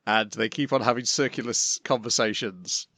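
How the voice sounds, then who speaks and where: Man, mid pitch, podcast host, wry, brisk, dry close sound. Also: bright, forceful tone, no echo. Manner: brisk, wry, moves topics on. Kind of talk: casual anime discussion.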